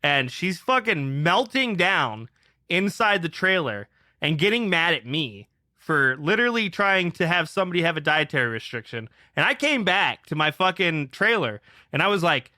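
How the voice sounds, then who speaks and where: A man's voice: on the high side, very animated, moderate pace, bright, forceful tone, no echo, studio quality. Foul-mouthed man ranting through a story. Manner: profane, fired-up ranting. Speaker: podcast co-host. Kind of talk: casual podcast storytelling.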